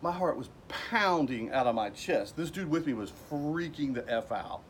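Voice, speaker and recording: Slightly high-voiced man telling a story. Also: animated, moderate pace, slight background noise. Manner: rambling, with fillers and restarts, acting out quoted people. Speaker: vlogger telling a personal story. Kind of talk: casual storytelling. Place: at home.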